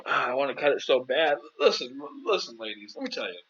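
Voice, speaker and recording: A man's voice: medium pitch, very animated, fast talker, fairly bright tone, slightly rough, muffled recording. A man hosting a casual live-stream Q&A as a dating coach, chatty and playful, calling viewers "girl".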